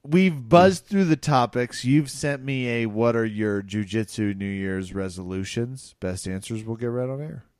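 A man's voice: medium pitch, unhurried, hardly any pauses, darkish tone, no room sound. A man co-hosting a comedy podcast, chatting casually with dry, wry quips. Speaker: podcast co-host.

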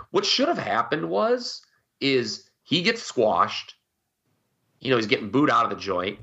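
A man's voice: medium pitch, bright, forceful tone, dull audio. A man co-hosting a casual podcast, giving emphatic, rambling opinions. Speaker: podcast co-host. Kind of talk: casual wrestling podcast chat.

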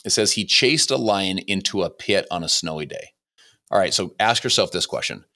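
A man's voice: low voice, lively intonation, normal speed, sharp tone. A man, a guest author on a podcast, speaking in a preachy motivational way and repeating phrases for emphasis.

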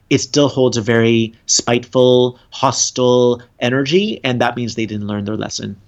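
A man speaks in an earnest, rambling way on a casual podcast, often breaking into a laugh. His voice sits at an ordinary pitch. The sound is dull and somewhat lo-fi. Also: normal speed, few pauses. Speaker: spiritual guest.

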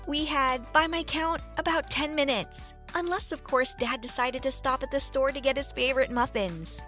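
Bright-voiced young woman telling a story. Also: high-pitched, normal speed, hardly any pauses, faint music behind. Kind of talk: first-person story narration.

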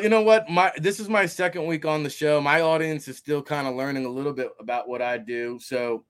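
Brief: upbeat host with a Jersey accent, slightly higher voice, talks football in a loose chatty way, man. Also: a bit bright, smooth. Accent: New Jersey. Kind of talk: casual sports interview.

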